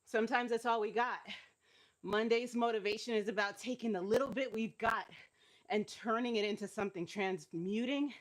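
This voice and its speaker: A woman's voice: a little high, normal speed. A woman leading a live-streamed workout as fitness instructor, encouraging and laughing often while she is cramping and feeling unwell.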